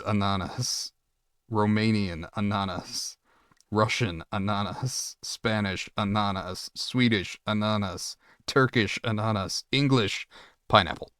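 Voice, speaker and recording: Low-voiced man streaming casually. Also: fairly bright tone, smooth, no echo, studio quality. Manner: reads chat aloud, swears, laughs often. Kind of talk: casual live-stream chat.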